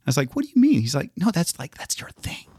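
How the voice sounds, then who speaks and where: Animated man telling a story with voices. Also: fairly high pitch, quick pace, breathy edge, no echo, clean studio sound. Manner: animated storyteller acting out quoted voices, laughing often. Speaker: podcast co-host, former news reporter. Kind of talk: casual storytelling chat.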